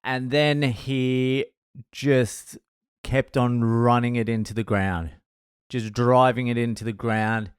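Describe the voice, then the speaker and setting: A man's voice: medium pitch, fairly even intonation, takes it slowly, clear, resonant tone, no room sound, studio quality. A man with an Australian accent, a comedian telling a crude, laid-back story. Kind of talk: storytelling podcast.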